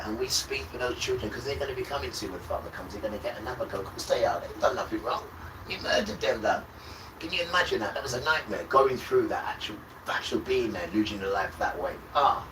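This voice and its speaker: A man on a livestream delivering an impassioned religious rant, preachy and accusing. He swings from loud outbursts to low muttering. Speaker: livestream host. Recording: roomy, distant mic with loud background noise.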